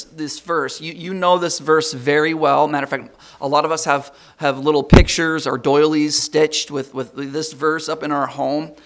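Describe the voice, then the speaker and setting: A middle-aged man preaching a conversational sermon, stumbling over repeated words and rising loud and slow when he reads scripture. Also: fairly high pitch.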